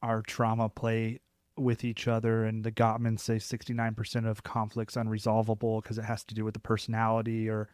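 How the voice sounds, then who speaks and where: A young man co-hosting a podcast, speaking in a reflective, measured way. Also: lowish voice, completely flat delivery, darkish tone, clean tone, no echo, studio quality. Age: young adult. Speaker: podcast co-host. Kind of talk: podcast conversation.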